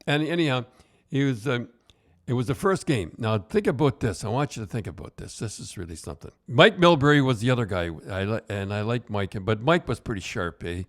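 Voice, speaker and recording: A man's voice: mid-range voice, expressive, a little fast, a bit bright. Older man telling rambling stories. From Canada. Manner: rambling, with many restarts. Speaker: podcast host, retired hockey coach. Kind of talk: casual storytelling.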